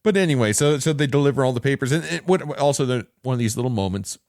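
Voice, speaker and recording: A man co-hosting a casual movie podcast. He rambles and jokes, with a voice that swings lively up and down. The sound is dry and close to the mic. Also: medium pitch, quick pace, no room sound. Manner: rambling, animated, fond of doing voices. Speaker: podcast co-host. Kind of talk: casual movie-review chat.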